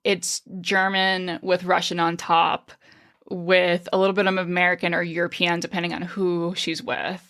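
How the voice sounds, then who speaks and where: A woman's voice: fairly low pitch, little pitch movement, moderate pace, a bit bright. A woman co-hosting a podcast in casual chat, chatty, laughing often and swearing freely. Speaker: podcast co-host.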